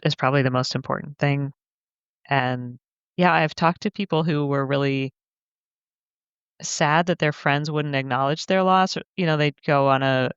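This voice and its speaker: A woman's voice: rumbling low, fairly bright tone, clear, resonant tone, no room sound, muffled recording. A woman guest on a podcast, speaking candidly in a reflective conversation, laughing easily and acting out remarks she quotes. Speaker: guest author.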